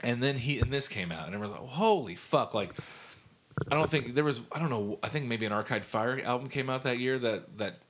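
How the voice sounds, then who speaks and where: Male co-host, casual chat, rambling and profane, mid-pitched. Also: fairly quick, slight background noise. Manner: animated, profane, rambling enthusiasm. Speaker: podcast co-host.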